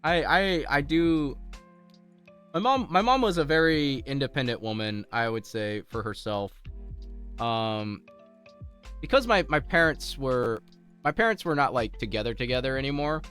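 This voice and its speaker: A man's voice: medium pitch, normal speed, a bit bright, smooth, soft background music. A man streaming from home, chatting casually with his viewers, rambling through stories with lots of laughter and restarts.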